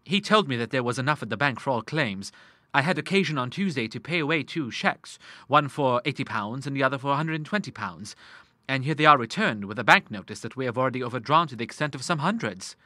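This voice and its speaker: A man's voice: medium pitch, expressive, fast, pushed and bright, no room sound, clean studio sound. A man reading an audiobook, voicing a young man who speaks hesitantly and apologetically to his father.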